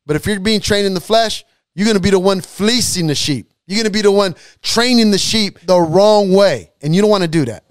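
Male podcast preacher, high voice, dry close sound, emphatic and repetitive. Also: brisk, no echo. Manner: emphatic, repetitive, rising to forceful declarations. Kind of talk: podcast sermon.

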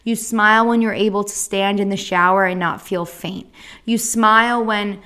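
A woman's voice: mid-range voice, normal speed. A young woman hosting a podcast, telling a personal story in a blunt, casual way with a lot of swearing. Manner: blunt, frequent swearing, animated retelling. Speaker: podcast host.

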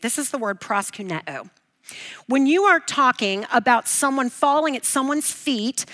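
Woman giving a bible study, high-ish voice, keeps asking then answering herself. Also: a bit bright. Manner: emphatic, repeats key points, asks and answers own questions. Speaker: bible teacher. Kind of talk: bible teaching.

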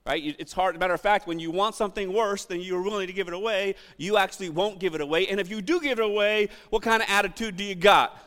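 A middle-aged man preaching a sermon, animated, acting out quotes and shouting for emphasis. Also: sits high, quick pace, hardly any pauses, big-room sound. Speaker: pastor.

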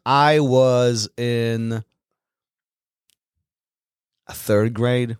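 Lively man from Poland, dry studio sound. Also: mid-range voice, extremely slow, clear, resonant tone, no room sound. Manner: animated, laughs often, acts out voices in his stories. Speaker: podcast co-host. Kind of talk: casual chat, storytelling.

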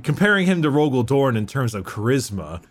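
Man explaining lore in a casual chat, lively swinging pitch, rambling, swears a lot. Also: brisk. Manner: rambling, swears casually, lots of fillers and restarts. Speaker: podcast host explaining lore.

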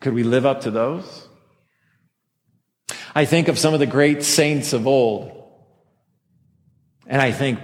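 A man's voice: mid-range voice, slow, pauses often. Guy preaching a christmas sermon, mid voice, cracks jokes at himself, big echoey church sound. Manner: conversational preaching with self-deprecating jokes. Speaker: pastor. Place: church sanctuary with a masked congregation. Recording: long hall reverb.

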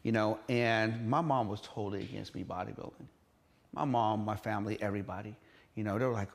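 A man's voice: lowish voice, fairly even intonation, fairly quick, vocal fry. A middle-aged man from Iran, a gym entrepreneur telling his story in an interview, blunt and emphatic, swearing and acting out quoted voices.

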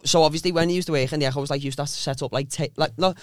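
A young man, co-hosting a podcast and telling a story in casual, animated banter. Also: on the high side, rapid-fire, no room sound, clean studio sound. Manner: animated, swearing, laughs often. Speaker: podcast co-host.

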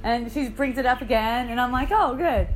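High-voiced woman telling laughing stories. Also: fairly even intonation, brisk. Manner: light, laughing storytelling with quoted voices. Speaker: spiritual teacher. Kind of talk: in-person spiritual dialogue talk. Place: indoor gathering room.

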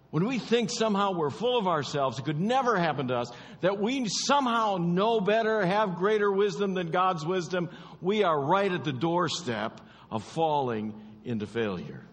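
A man preaching a sermon in an emphatic, repetitive way, often sinking to low, quiet stresses. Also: in a large hall.

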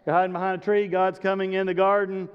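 A man's voice: sits high, flat delivery, quick pace, clean tone. A man preaching a sermon as a pastor, telling the story animatedly and speaking straight to his congregation. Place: church sanctuary. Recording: muffled recording in a large reverberant hall.

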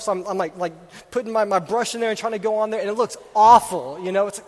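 Casual young pastor in a reverberant hall. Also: male voice, high-pitched, fast. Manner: casual, rambling storyteller with many fillers; grows loud and animated while telling the story. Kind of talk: sermon with personal story.

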